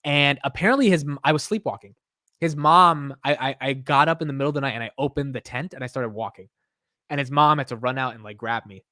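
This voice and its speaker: A man's voice: mid-range voice, quick pace, sharp tone, no room sound, studio quality. A young man hosting a late-night livestream, rambling loosely and reading viewer comments aloud, with "yo" and "bro" thrown in often. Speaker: livestream host.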